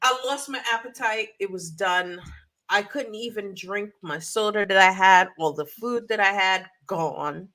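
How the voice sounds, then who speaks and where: A woman co-hosts a casual podcast, her mid-range voice unhurried and sharp in tone. She tells stories animatedly, throwing in playful sound effects as she chats.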